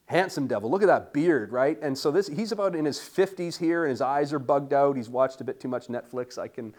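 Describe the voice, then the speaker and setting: A man preaching a sermon as pastor, animated and playful with asides to the congregation. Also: mid-range voice, fairly quick. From Canada.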